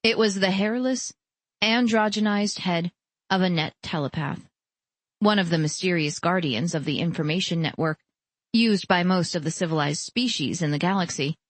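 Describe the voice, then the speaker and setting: A woman narrating a romance audiobook with soft storytelling. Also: fairly low pitch, moderate pace, dry recording. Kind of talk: scripted narration.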